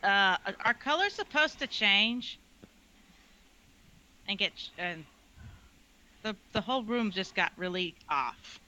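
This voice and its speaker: A woman's voice: mid-range voice, expressive, slow, pauses often, pushed and bright, poor audio. A woman playing in a tabletop game, hesitant and full of fillers. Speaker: player. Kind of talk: casual tabletop play.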